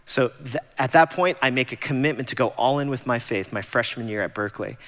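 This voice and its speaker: A man's voice: mid-range voice, fairly quick, a bit bright. A man in his forties from Los Angeles giving a personal testimony talk at a church gathering, conversational and self-deprecating. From Los Angeles, USA. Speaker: guest speaker at church gathering. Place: large church sanctuary. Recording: long church-hall reverb.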